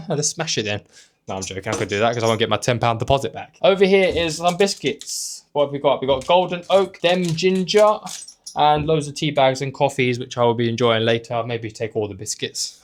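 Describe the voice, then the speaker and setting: Filming on a handheld camera, a young man who hosts a travel vlog shows off a small hotel room in a chatty, jokey way with throwaway asides. His mid-range voice is a little fast, with slight background noise behind it.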